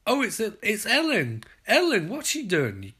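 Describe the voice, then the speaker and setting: A British man hosting a podcast, giving an excitable, sarcastic, sweary running commentary on a show. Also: high-pitched, unhurried, slightly rough. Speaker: podcast host.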